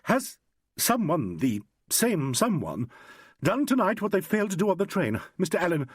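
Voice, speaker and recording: A man reading an audiobook, voicing a distraught young actress in a high, trembling, urgent voice. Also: wildly swooping pitch, a little fast, breathy edge, no echo, clean studio sound, full character voice.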